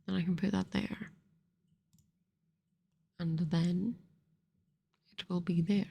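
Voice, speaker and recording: A woman murmurs soft-spoken ASMR commentary close to the microphone, half whispering as she talks herself through each move. Her voice is low, warm and mellow, with a gravelly fry and a very airy, husky texture. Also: fairly even intonation, slow pace. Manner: softly whispered, rambling self-talk. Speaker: ASMR gaming channel host.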